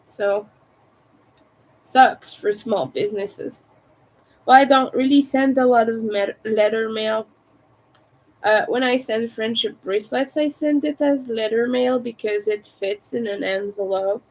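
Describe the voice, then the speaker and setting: French-accented woman streamer, unhurried, slightly high voice, crisp T's. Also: poor audio. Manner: carefully overpronounces her T's. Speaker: crochet livestreamer. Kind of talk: casual livestream chat.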